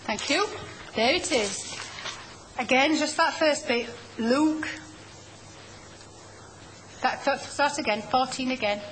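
A woman's voice: sits high, fairly bright tone, a little hiss or hum, low-quality recording. A woman teaching a Bible study class, patiently explaining and calling on people to read. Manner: slow, patient, explaining and prompting readers.

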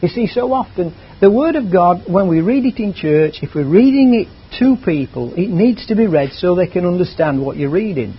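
Husky, lively high-voiced male preacher. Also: normal speed, few pauses. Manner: conversational, chatty, drifts into asides. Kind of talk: sermon. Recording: dull lo-fi recording.

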